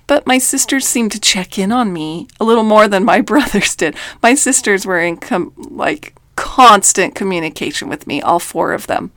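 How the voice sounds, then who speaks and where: A middle-aged woman who works as a life coach gives an earnest, emphatic faith-based reflective talk, bringing in quoted voices. Her voice is medium-pitched, and there's no room sound.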